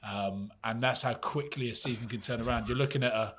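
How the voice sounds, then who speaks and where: A man co-hosting a casual podcast chat, telling a story in a lively, laughing way and swearing freely. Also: mid-range voice, a little fast. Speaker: podcast co-host.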